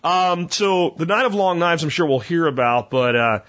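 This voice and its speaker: Wry man with deadpan asides. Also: on the high side, moderate pace, muffled recording. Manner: conversational, with small slips and corrections. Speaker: podcast host. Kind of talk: reading history notes with wry asides.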